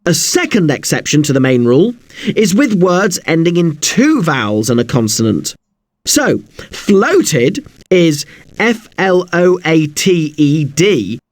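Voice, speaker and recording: A man teaching an English spelling lesson, spelling words out slowly letter by letter. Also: fairly high pitch, very animated, no room sound.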